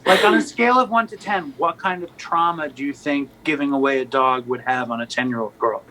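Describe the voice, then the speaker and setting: A man's voice: medium pitch, brisk, pushed and bright, slight background noise, low-quality recording. A man hosting a podcast, telling stories in a wry, joking way during a laid-back conversation. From New York City. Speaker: podcast host.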